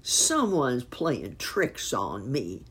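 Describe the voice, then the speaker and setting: A woman voicing a grumpy, scheming male owl in a storybook reading, with a husky, gravelly voice and slow, grumbling lines. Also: very deep voice, wildly swooping pitch, full character voice.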